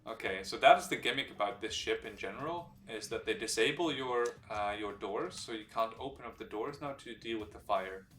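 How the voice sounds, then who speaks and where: A man streaming a strategy game live, explaining its mechanics as he plays, relaxed and hesitant with many fillers. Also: fairly low pitch, brisk, hardly any pauses. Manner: explains game mechanics while thinking aloud. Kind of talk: live gameplay commentary. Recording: roomy sound from a distant mic, faint background music.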